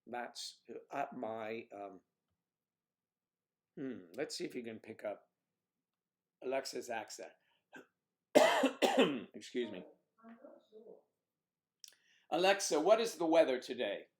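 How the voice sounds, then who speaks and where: Male livestream host, casual rambling chat, mid-pitched voice. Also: sing-song, slow pace, pauses often. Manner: rambling, chatty, reads out viewer comments.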